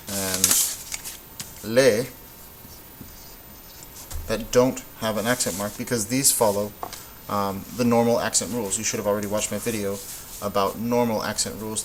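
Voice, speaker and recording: A man with a fairly low voice gives a patient whiteboard lesson. He explains each step slowly and stops now and then to correct himself. A faint hum of noise sits under his voice. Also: poor audio. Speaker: Spanish teacher.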